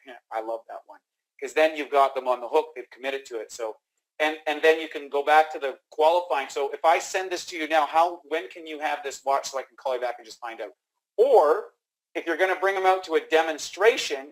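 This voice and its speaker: A man giving an energetic sales training talk, acting out phone dialogue with frequent restarts. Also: a little high, fairly quick, rough recording. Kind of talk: instructional talk.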